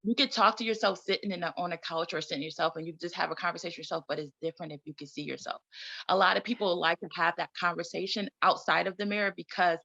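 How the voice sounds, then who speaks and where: A woman's voice: fairly low pitch, fairly even intonation, quick pace, creaky, sharp tone, highs cut off. A woman guest in a conversational interview, talking emphatically, repeating herself and laughing often. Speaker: guest, trauma recovery coach and community founder.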